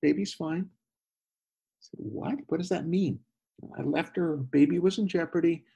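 A man, a former missionary, telling a personal story in a guest interview, animated and full of restarts and quoted voices. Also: fairly high pitch, a little slow, gravelly, slightly rough. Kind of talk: conversational storytelling.

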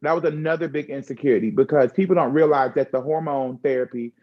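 A woman talking candidly in a conversational chat, frank and expressive with slangy asides. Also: very deep voice, quick pace, dull audio.

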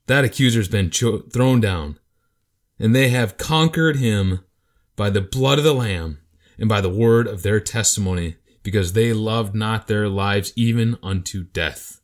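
A man co-hosting a casual Bible study talk, retelling passages as an animated storyteller who acts out voices. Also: fairly low pitch, measured pace. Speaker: podcast co-host teaching Bible passages.

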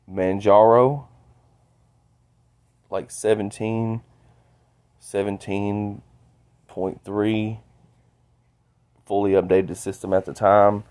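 Stuffy low-voiced man, slow halting monologue. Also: dark tone. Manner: halting, repeats words, rambling. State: stuffy from a cold. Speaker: podcaster. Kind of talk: solo monologue.

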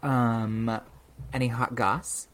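He speaks very slowly at a medium pitch, with slight noise in the background. A young man co-hosting a podcast, he tells an animated story in easygoing chat and imitates the quoted speakers.

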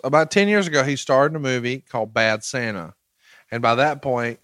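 A man hosting a wrestling podcast, telling deadpan jokes and reading the sponsor spots. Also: medium pitch, no room sound. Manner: dry, joking, reads sponsor ads. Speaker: podcast host. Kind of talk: casual podcast chat.

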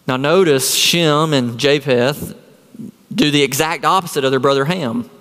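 A man's voice: on the high side, measured pace, a bit bright, big-room sound. A man preaching a sermon as a pastor, earnest and full of rhetorical questions.

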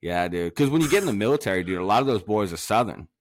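Low-voiced, profane podcast host from Massachusetts. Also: male voice, fast talker. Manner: profane, animated storytelling with frequent laughs. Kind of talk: casual podcast chat.

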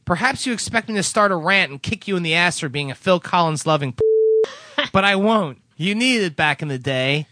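A man hosting a podcast, reading listener letters aloud in a casual, animated way and laughing now and then. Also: sits high, a little fast, no echo.

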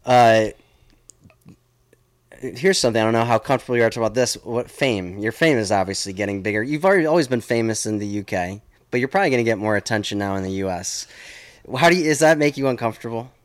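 A man from the United States co-hosting a casual podcast, asking relaxed questions. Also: medium pitch, fast, dry recording. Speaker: podcast co-host. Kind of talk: casual chat, interviewing.

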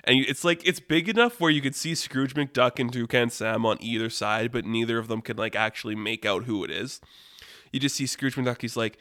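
Casual man storytelling, smooth voice, rambling, dry close mic. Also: medium pitch, normal speed, no room sound. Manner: rambling, animated, many "like" fillers.

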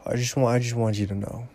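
Slow, rambling, foul-mouthed man. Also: medium pitch, background noise. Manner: profane, blunt and rambling. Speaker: movie reviewer. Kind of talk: casual rambling movie recap.

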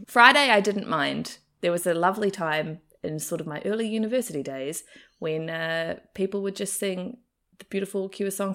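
A woman's voice: mid-range voice, normal speed, a bit bright. A young adult woman with a faint New Zealand accent, chatting in an interview and laughing often. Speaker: actor and comedian interviewee. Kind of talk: casual interview chat.

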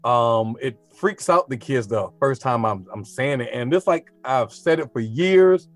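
A man's voice: mid-range voice, lively intonation, measured pace, faint music behind. A man who teaches art, talking casually and animatedly, often asking rhetorical questions. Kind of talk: casual podcast conversation.

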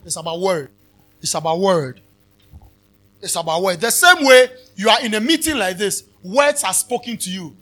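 A man preaching a sermon as pastor at a live convention, repeating phrases and swinging between soft talk and shouts. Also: high voice.

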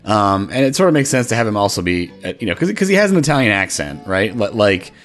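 A man's voice: on the low side, big pitch swings, fast talker, faint music behind. A man co-hosting a casual chat podcast, hesitant and restarting his sentences. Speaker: podcast co-host.

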